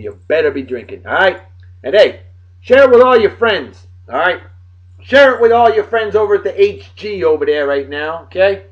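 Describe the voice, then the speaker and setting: A man hosting a daily beer and song show in a rowdy, casual way, loud and excitable, swearing and joking, swinging from shouting to muttering. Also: sits high, poor audio.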